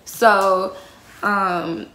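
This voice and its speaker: A woman's voice: mid-range voice, steady tone, drawn-out words, pushed and bright. A young woman telling a heated, profanity-laced story to her viewers, calling them y'all. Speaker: vlogger. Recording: roomy echo.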